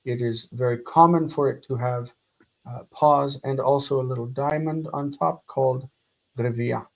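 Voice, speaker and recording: A man teaching a live grammar lesson, slowly explaining and repeating example words patiently. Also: mid-range voice, steady tone, gravelly, low-quality recording. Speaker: Hebrew teacher.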